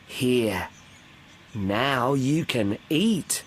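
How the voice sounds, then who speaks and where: A man reading as a gentle mother kangaroo. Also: mid-range voice, expressive, slight background noise, low-quality recording. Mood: kind. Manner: slow, clear storybook reading.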